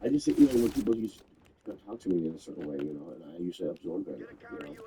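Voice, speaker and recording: A man in casual banter with a friend, excitable and quick to swear. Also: sits low, a crowd in the background, low-quality recording. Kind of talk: casual chat over gameplay.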